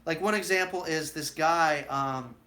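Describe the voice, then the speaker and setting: A man talks casually to his live-stream viewers, telling stories full of fillers and little acted-out quotes. His voice sits somewhat high and sounds bright and forward. A faint hiss of noise lies under it. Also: a little slow. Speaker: street magician hosting a live stream.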